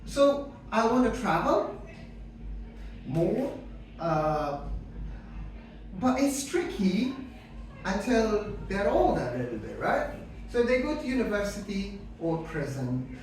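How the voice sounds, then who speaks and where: A middle-aged man from Afghanistan doing stand-up comedy with dry, deadpan delivery, full of hesitant fillers and some crowd work. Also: sits high, takes it slowly, pauses often. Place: comedy club stage. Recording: echoey room mic heard from a distance.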